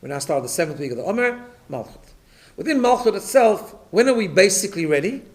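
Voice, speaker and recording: Rabbi giving a Torah class, fairly high voice, explains patiently, repeats words on restarts. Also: male voice, very animated, quick pace. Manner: explanatory, checks in with listeners. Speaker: rabbi teaching a weekly class.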